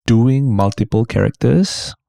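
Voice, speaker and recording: A man's voice: mid-range voice, a little slow, gravelly, dry recording, clean studio sound. A man in his thirties with a Singaporean English accent, a guest comedian telling stories in a casual podcast chat. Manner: animated storyteller, slips into put-on voices.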